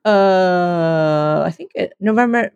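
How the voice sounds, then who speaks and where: A woman's voice: on the low side, takes it slowly, vocal fry, darkish tone, clean tone, no echo, dull audio. A woman co-hosting a casual comedy chat, playful and giggly, who often trips over her words. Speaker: podcast co-host.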